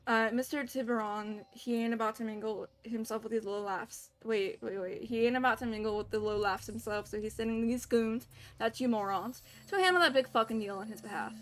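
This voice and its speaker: A woman voicing a crude, foul-mouthed gangster man, reading him with a put-on Southern US accent in a gruff, bossy way. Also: on the high side, a little fast, natural voice.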